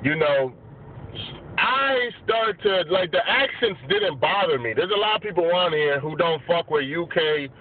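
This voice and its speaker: A man's voice: a little high, animated, unhurried. A man in a casual boxing vlog, talking loose, profane street slang with many fillers. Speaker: boxing vlogger giving channel shout-outs. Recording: tinny lo-fi phone-like audio with faint hiss.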